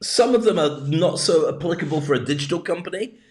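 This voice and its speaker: A man's voice: a little high, animated, brisk. A man hosting a casual live business show, talking in a chatty, rambling way with jokey asides. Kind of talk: casual livestream monologue. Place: home in the UAE.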